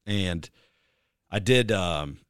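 Rambling worship pastor, smooth low voice. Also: male voice, expressive, extremely slow, a bit bright, no room sound, studio quality. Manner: rambling, filler-heavy, breaks into singing snippets. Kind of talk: casual chat.

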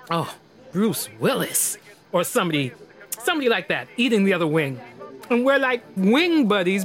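An actor playing an overweight, teasing interrogator who rambles and drops into quiet menace. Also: male voice, high-pitched. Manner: rambling, teasing, sudden swings between loud excitement and quiet menace. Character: menacing, overweight male interrogator, probing and mocking. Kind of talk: film drama dialogue.

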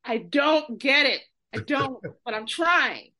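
A woman from New York telling funny stories in casual talk, fast and animated, laughing and acting out other people's voices. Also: high-pitched.

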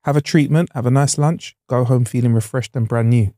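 A man's voice: mid-range voice, fairly even intonation, fairly quick, mellow, dry recording, studio quality. A young man co-hosting a podcast, upbeat and jokey, full of slang. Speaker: podcast co-host. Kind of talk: casual chat.

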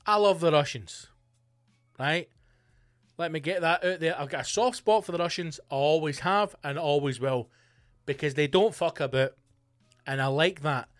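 A man with a slightly high voice rants through a solo comedy podcast, swearing freely and jumping between mock outrage and sarcastic jokes. His voice sits close and dry against the mic, and faint music plays underneath. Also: moderate pace, pauses often, dry recording. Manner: profane, animated, mocking asides. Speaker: podcast host. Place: home studio bunker.

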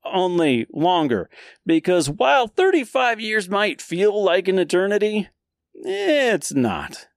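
Slow, lively jokey male podcast host. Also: high-pitched, dry recording, studio quality. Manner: jokey and conversational, with quick silly voices for characters. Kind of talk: casual comedic retelling of a classic poem.

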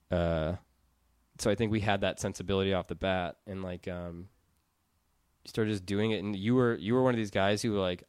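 Low, smooth-voiced rambling man. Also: no room sound, studio quality. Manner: rambling, filler-heavy, earnest. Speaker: podcast network founder. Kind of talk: casual podcast chat.

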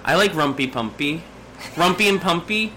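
A podcast co-host in casual, animated banter about pop culture. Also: medium pitch, moderate pace, slight background noise, low-quality recording. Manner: animated, jumps between jokes and pop culture talk.

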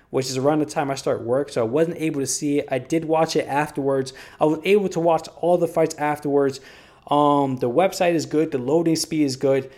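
A man's voice: fairly high pitch, darkish tone. Blunt, profane man talking fight sports. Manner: blunt and profane, rambling opinions. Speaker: podcast host. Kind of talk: solo casual podcast commentary.

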